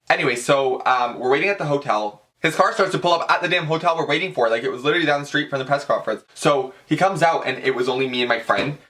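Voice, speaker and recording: A young man vlogs at a very fast clip with few pauses, his voice at medium pitch. Chatty and dramatic as an excitable fan, he tells his story while calling viewers "girl" and slipping "like" into each line.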